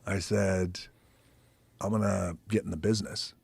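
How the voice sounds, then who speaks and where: A man telling a personal story as a podcast guest. He talks in an animated way, swears freely, acts out the people he quotes, and drops to a whisper at times. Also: low-pitched, measured pace, creaky, long pauses, breathy edge, no echo. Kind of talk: casual storytelling.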